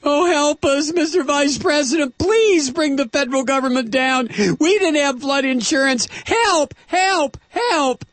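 A man's voice: measured pace, hardly any pauses, fairly bright tone, no room sound. Man mimicking whiny pleading flood victims. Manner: whining, high-pitched mocking plea.

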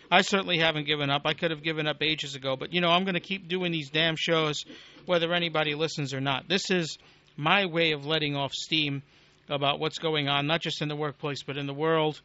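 A man's voice: a little high, bright, forceful tone. A man hosting a political talk radio show, ranting bluntly and sardonically and swearing casually. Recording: dull lo-fi recording.

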